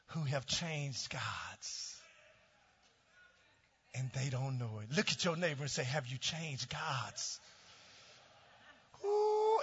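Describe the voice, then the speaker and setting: A middle-aged male pastor preaching a sermon with call-and-response, swinging from shouts down to low, quiet tones. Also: husky. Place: church sanctuary. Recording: dull sound with long hall reverb.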